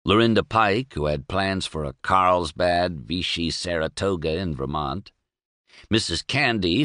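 A man doing expressive, measured audiobook narration of a novel. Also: low voice, dry recording, studio quality. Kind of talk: scripted narration.

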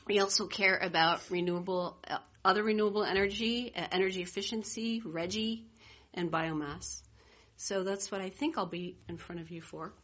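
Woman, advocate at a hearing; bright, husky, chatty and self-mocking. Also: lowish voice. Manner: chatty, self-deprecating, laughs easily. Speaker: advocate testifying before a committee. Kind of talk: informal testimony at a hearing. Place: legislative committee room.

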